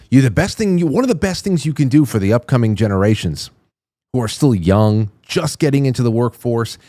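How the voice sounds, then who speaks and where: A man's voice: on the low side, warm tone, no echo. A man hosting a political commentary show, ranting with indignant, profane outrage. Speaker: show host.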